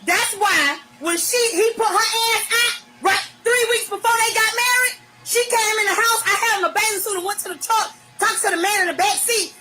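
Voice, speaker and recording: A middle-aged woman from Virginia with a Virginia accent, ranting profanely and bluntly into her phone on a live stream, often breaking into shouting. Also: very high voice, brisk, a little hiss or hum, low-quality recording. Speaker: livestreamer. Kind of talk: angry live-stream rant.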